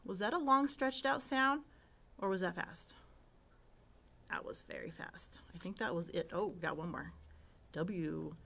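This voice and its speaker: A woman talks young children through letter sounds at an unhurried pace, stretching vowels and tapping out quick consonants. Her voice is bright and ringing, and she checks in with gentle questions. She has a patient, classroom manner. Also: fairly low pitch, creaky. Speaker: kindergarten teacher. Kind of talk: slow, patient phonics lesson for young children.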